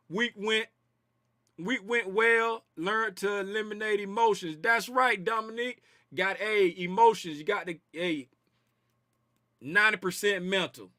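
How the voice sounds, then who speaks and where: High bright-voiced man hosting a trading stream. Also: dry recording, studio quality. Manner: loose, slangy, repeats phrases. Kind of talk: casual livestream chat reading viewer comments.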